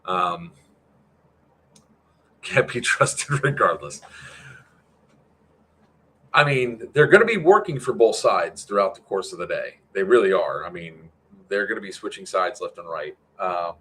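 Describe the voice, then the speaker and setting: A man's voice: sits low, lively intonation, unhurried, long pauses, fairly bright tone, a little hiss or hum. A man organizing an airsoft event, giving a casual, rambling livestream update full of fillers and answering questions from chat.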